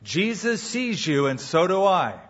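A man's voice: sits high, sing-song, measured pace, fairly bright tone, lo-fi sound, exaggerated voice. A man voicing a smug talking pet parrot in a sermon story.

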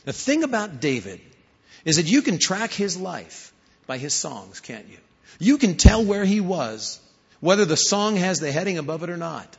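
Husky preacher in an echoing hall. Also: male voice, high voice, very animated, moderate pace. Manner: storytelling, rising to emphatic questions. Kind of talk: sermon. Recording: hall reverb, dull lo-fi sound.

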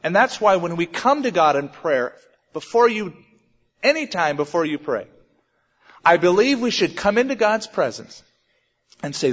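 A man preaching a sermon in an emphatic style with dramatic pauses. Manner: emphatic, dramatic pauses, lively swings in pitch. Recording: dull sound with long hall reverb.

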